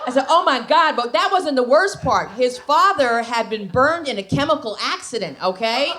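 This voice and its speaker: Lively, animated woman doing stand-up. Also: on the high side, normal speed. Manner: animated storytelling with shrieks and asides to the crowd. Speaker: stand-up comedian. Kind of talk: stand-up comedy set. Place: comedy club stage.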